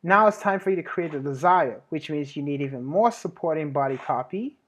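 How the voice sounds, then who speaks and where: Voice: mid-range voice, expressive, a little fast. A host giving a casual marketing tutorial, chatty and self-correcting, with frequent restarts. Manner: plugs own services with a laugh. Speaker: host, web marketing advisor.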